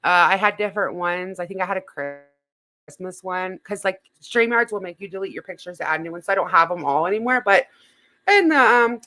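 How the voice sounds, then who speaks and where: A woman's voice: lowish voice, lively intonation, a little fast, pushed and bright. A woman hosting a casual livestream, chatting loosely and swearing, with frequent restarts. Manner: swears freely, rambling with restarts and laughs. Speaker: YouTube drama commentary host.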